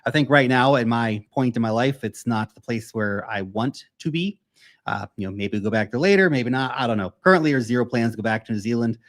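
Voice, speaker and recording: A man's voice: mid-range voice, fairly quick. A man in his thirties from the United States, hosting a casual livestream Q&A and answering viewers' questions in a blunt, profane, emphatic way. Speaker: crypto livestream host.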